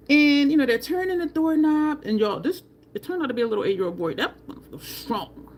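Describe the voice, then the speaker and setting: A woman's voice: on the high side, big pitch swings, normal speed, slight background noise. A woman beauty vlogger, telling a story casually and expressively to her viewers, now and then swearing.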